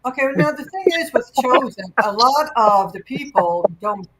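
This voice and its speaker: A woman hosting a livestream in casual discussion. She explains her points in a steady, earnest way. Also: a little high, moderate pace. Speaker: livestream host.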